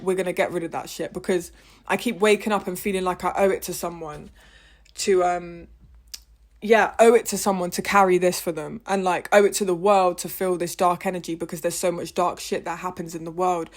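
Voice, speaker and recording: A woman, talking frustratedly and emphatically in a heated personal monologue and swearing often. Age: 20s. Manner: impassioned, with big swings in pitch and loudness. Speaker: vlogger.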